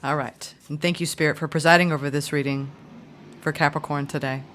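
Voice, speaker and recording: Low-voiced upbeat woman tarot reader. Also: a little fast, slight background noise. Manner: chatty, upbeat, gushing with excitement. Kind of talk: tarot reading for viewers.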